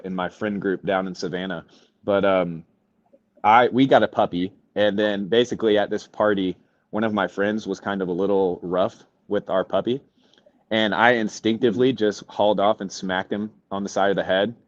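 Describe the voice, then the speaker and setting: A man's voice: lowish voice, fairly even intonation, moderate pace. A man in casual reflective chat, thoughtful and wry, chuckling as he talks. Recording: dull dry call audio.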